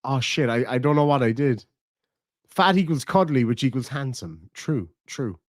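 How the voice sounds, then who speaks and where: An Irish man chats on a live stream, crude and joking, swearing freely at his viewers. His voice sits at a middling pitch. The sound is dry and close, with no room around it. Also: moderate pace, no room sound. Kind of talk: casual live-stream chat.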